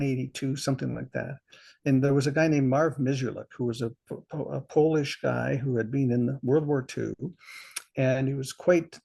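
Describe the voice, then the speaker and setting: A man's voice: medium pitch, gravelly, a little mellow, husky. An older man telling stories from his career as a guest in a conversational interview, reflective and chuckling at himself. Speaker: interview guest, insurance veteran.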